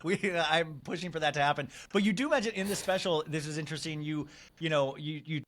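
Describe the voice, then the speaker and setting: A man hosting a podcast, chatting in a gossipy, animated way with his guest. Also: fairly high pitch, quick pace. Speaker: podcast host. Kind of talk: casual chat.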